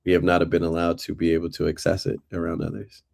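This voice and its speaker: Man co-host, very low gravelly voice, steady and affirming. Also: quick pace. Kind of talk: casual live-stream chat.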